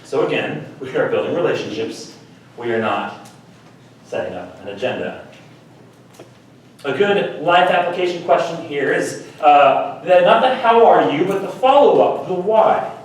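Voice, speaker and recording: Man, youth talk, chatty and playful, somewhat high voice, heard from afar in a very echoey room. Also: sing-song, unhurried, distant mic, a little hiss or hum. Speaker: youth speaker at a church high school meeting.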